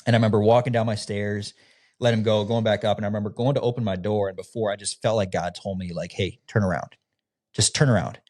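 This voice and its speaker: Low-voiced man telling his story casually. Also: quick pace. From Midwestern United States. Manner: casual, relaxed, with frequent fillers, often acting out quoted dialogue. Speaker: podcast guest, former youth pastor. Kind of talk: candid personal storytelling.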